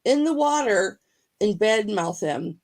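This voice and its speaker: A woman's voice: medium pitch, lively intonation, slow, a little mellow. A woman guest on a casual livestream chat, talkative and keen on boxing. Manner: talkative, enthusiastic about boxing.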